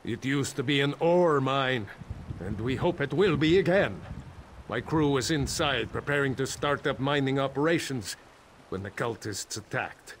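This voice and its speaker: A man's voice: mid-range voice, animated, a little slow, slight background noise. An actor playing a nervous male mine boss in a video game, talking in a dry, sardonic way. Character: worried male mine boss, wry and jumpy. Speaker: mine owner non-player character.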